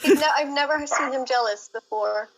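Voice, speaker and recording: A woman's voice: sits high, normal speed, low-quality recording. A woman calling into a stream, chatting casually and giggling while she teases. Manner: giggly, teasing. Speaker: friend calling in. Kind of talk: casual chat over voice call.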